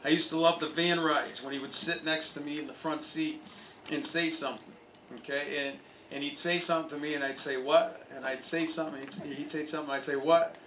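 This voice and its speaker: A man's voice: fairly high pitch, fairly even intonation, fairly quick, bright, forceful tone, a little hiss or hum. Man speaking far off in echoey stadium. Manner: anecdotal storytelling, with chuckles. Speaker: college soccer coach. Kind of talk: memorial speech. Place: outdoor stadium.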